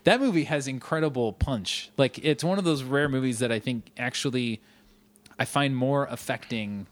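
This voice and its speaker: A man's voice: medium pitch, normal speed. A young man hosting a podcast, chatting casually and enthusiastically with frequent rambling asides. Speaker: podcast host. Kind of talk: casual chat.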